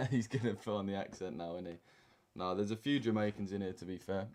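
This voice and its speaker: A man's voice: fairly low pitch, brisk, darkish tone, a little hiss or hum. A young man, hosting a trading live stream and chatting casually with viewers in slang while reading the chat aloud. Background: keyboard typing and mouse clicks.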